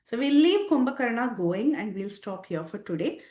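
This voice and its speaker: A woman teacher telling a scripture story to a class, animated and with frequent fillers. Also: on the high side, moderate pace. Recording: roomy echo.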